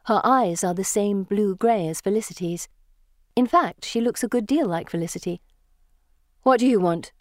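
A woman narrates a first-person storybook in a measured, lyrical way, with a voice of middle pitch. The recording is dry and close, with no room echo. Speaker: audiobook narrator.

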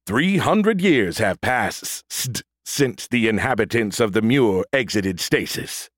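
A man voicing a damaged, stuttering android soldier in a battlesuit with a booming voice, in an audiobook. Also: expressive, no echo, clean studio sound. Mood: eager booming. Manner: stutters on first sounds, booming, slow drawn-out words. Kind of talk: audiobook character voice.

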